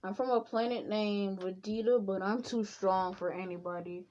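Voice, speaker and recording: A woman's voice: medium pitch, fairly even intonation, normal speed, a little mellow, natural voice. A woman voicing an eager, strong young male alien fighter in a casual, agreeable way, with a lo-fi sound.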